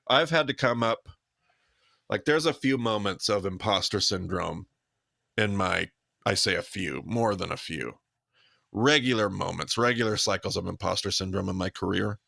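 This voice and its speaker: A man's voice: fairly low pitch, moderate pace, creaky, bright, forceful tone, dry recording, studio quality. A man from Idaho co-hosting a podcast, talking casually and candidly with a self-deprecating manner. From Idaho, United States. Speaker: podcast co-host. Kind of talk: casual conversation.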